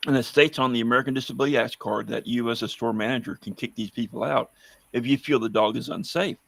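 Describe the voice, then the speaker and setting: A man's voice: medium pitch, fairly even intonation, quick pace, creaky, a bit bright, no room sound. A man telling blunt, wry stories in a casual podcast conversation. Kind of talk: casual anecdotal storytelling.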